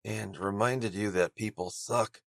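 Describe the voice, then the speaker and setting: A man voicing an eager, nervous young male hockey player in an audiobook, speaking with a hoarse, hopeful tone. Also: fairly low pitch, fairly even intonation, measured pace, no echo, clean studio sound. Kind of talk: audiobook character voice.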